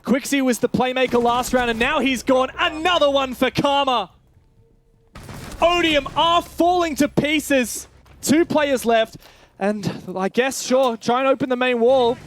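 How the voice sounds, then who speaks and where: Aussie guy casting esports, really high voice, fast and shouty on big plays. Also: a little hiss or hum. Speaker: play-by-play caster. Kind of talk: esports commentary.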